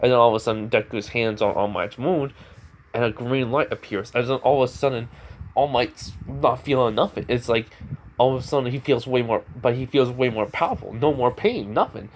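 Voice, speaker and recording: A man's voice: medium pitch, fairly quick, slight background noise, poor audio. A man casually retelling a fan story, rambling along with lots of "you know" and "like". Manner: rambling, full of fillers and restarts.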